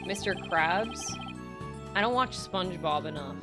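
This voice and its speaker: A woman's voice: mid-range voice, normal speed, over music. A woman streaming a game, chatting casually, giggly and reading dialogue aloud in voices.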